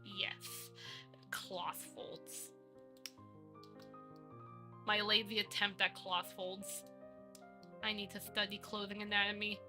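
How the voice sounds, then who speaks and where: A woman's voice: medium pitch, flat delivery, normal speed, bright, forceful tone, soft background music. A woman live-streaming, rambling playfully and talking to herself while she works on a 3D model. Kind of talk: casual live-stream chat.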